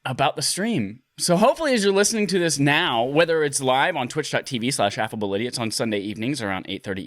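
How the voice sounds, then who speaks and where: A man's voice: mid-range voice, fairly bright tone, no echo, clean studio sound. A man hosting a casual gaming podcast from his living room, joking loosely and swearing freely. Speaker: podcast host.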